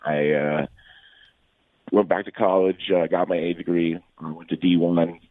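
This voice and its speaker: A middle-aged man, a former fighter, telling stories from his career as an interview guest, rambling with frequent pauses and restarts. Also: low-pitched, flat delivery, no room sound. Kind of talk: casual storytelling in an interview. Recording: tinny phone-like line, dry.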